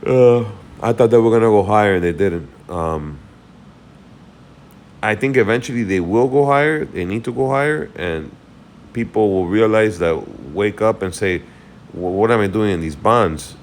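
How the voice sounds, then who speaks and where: Casting: weary male host, very low voice, loose unscripted market chat, faint hiss. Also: normal speed, a little mellow. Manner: rambling, thinks aloud while checking charts. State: tired, yawning. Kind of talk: casual market recap.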